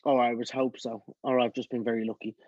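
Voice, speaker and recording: A man's voice: medium pitch, quick pace, no echo. A man in his thirties, a musical theatre actor telling stories in a casual chat, acting out other people's voices. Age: 30s. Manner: animated storyteller, acts out voices. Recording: dull, dry close recording.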